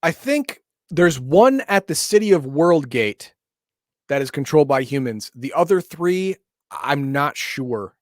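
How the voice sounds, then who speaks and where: A man's voice: on the high side, very animated, measured pace, no echo, clean studio sound. A man co-hosting a casual chat, explaining tabletop game lore in a loose, hedging way. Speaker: podcast co-host.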